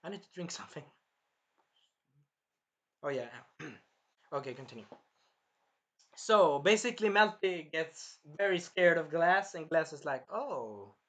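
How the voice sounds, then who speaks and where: A man recapping and reviewing an anime episode in a rambling, self-correcting way, with a sore throat that he keeps clearing, acting out the characters' lines. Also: a little high, expressive, unhurried, pauses often, fairly bright tone. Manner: rambling, jumps around and corrects himself, acts out characters' lines.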